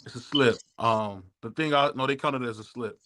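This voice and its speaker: A man hosting a boxing podcast, loose and casual, giving shout-outs and asking questions. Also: mid-range voice, a little fast. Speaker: podcast host.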